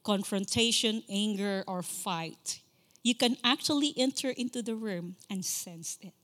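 A woman preaching a sermon as a guest speaker, impassioned, repeating key phrases and slowing down to stress scripture. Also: medium pitch, a bit bright. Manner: slows to stress scripture lines. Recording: long reverb of a large hall.

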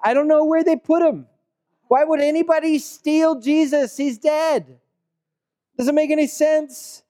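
Male preacher playing a frantic grieving woman, high falsetto-ish, exasperated. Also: steady tone, unhurried, mellow. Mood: distraught. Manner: exasperated, incredulous outbursts. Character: distraught grieving woman searching a tomb.

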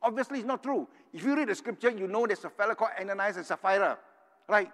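A man's voice: sits high, quick pace, fairly bright tone. An older man from Singapore preaching a sermon, earnest and tagging his points with "right?". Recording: long hall reverb.

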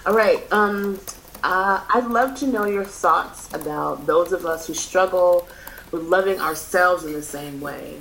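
A woman moderating a question session on a video call, emotional and halting as she speaks. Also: fairly low pitch, vocal fry, a bit bright, slight background noise, poor audio. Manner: emotional, halting, many restarts. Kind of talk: hosting a Q&A.

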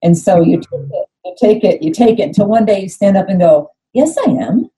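Rough recording quality captures a podcast guest who used to ski in the Olympics: a middle-aged American woman with a mid-range voice who talks fairly quickly. Chatting casually, she tells animated stories and voices the quoted dialogue herself.

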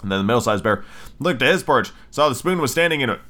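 A man with a bright, crisp voice reads a children's story aloud for a podcast. He keeps stopping for casual, irreverent asides full of swearing. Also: medium pitch, expressive, fast talker. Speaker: podcast host. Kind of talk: casual storybook reading with profane commentary.

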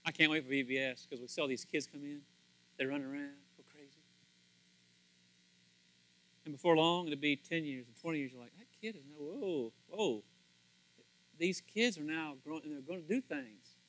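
A man preaching a sermon as pastor, animated and acting out little dialogues with swings from loud to soft. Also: a little high, brisk, pauses often, low-quality recording. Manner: animated, acts out quoted dialogue, big swings in loudness.

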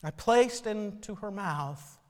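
Solemn high-voiced male preacher. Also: expressive, long reverb tail. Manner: slow, solemn storytelling. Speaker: pastor. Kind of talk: sermon.

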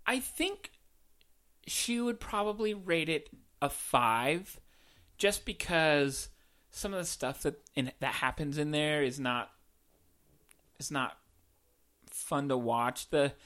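A man co-hosting a podcast in casual chat, relaxed, laughing often and trailing off mid-thought. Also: a little high, takes it slowly, pauses often. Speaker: podcast co-host.

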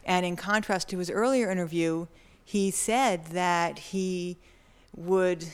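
A woman in the audience asks the filmmaker a question, earnest and measured. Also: lowish voice, smooth. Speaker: audience member asking a question.

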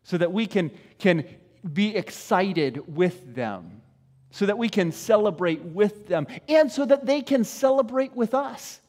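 Male pastor, conversational sermon, very lively delivery, church reverb. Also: sits high. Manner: conversational, animated, asks the congregation questions. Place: church sanctuary.

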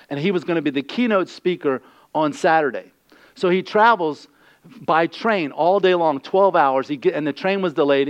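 A man preaching a sermon as a lively storyteller who asks his listeners questions as he teaches. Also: on the high side. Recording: dull lo-fi recording.

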